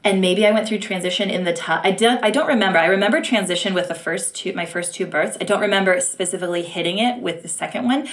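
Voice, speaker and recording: A woman from the United States telling her birth story in an interview, animated, acting out quotes and laughing often. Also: medium pitch, fast talker, hardly any pauses. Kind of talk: emotional personal storytelling.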